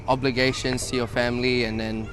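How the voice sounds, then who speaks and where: A man's voice: mid-range voice, little pitch movement, brisk, over music. A young man with a Western Sydney Australian accent, talking casually in an interview, laid-back and sweary, with lots of fillers. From South-West Sydney, Australia. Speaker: rapper interviewee.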